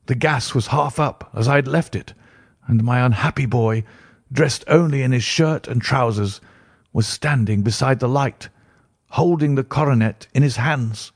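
A husky-voiced man reads a classic first-person tale aloud in a measured, formal way. His pitch sits in an ordinary middle range. The recording is dry and close, with no room sound. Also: no room sound. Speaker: audiobook narrator. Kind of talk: scripted narration of a classic first-person story.

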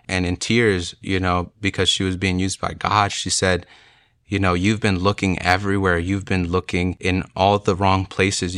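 A man's voice: sits low, pushed and bright, no echo. A young man earnestly telling his personal testimony, in an emotional storytelling way.

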